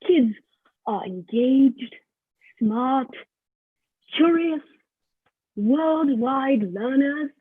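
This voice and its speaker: A woman's voice: sits high, lively intonation, slightly rough, full character voice. A teen girl doing a pompous fake-British college official. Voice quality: put-on British accent. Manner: grandiose, slow and lofty. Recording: dry tinny phone-like sound.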